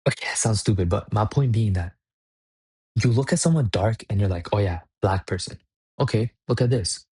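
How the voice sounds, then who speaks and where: Husky young man ranting bluntly. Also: on the low side, brisk, dark tone, no room sound, studio quality. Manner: blunt, swearing, rambling with restarts. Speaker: vlogger. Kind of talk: profane ranting monologue.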